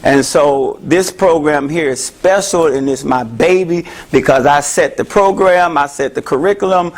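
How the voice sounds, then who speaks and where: Man, high voice, interactive health talk, joking, asks audience questions. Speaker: mental health speaker. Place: room with a live audience.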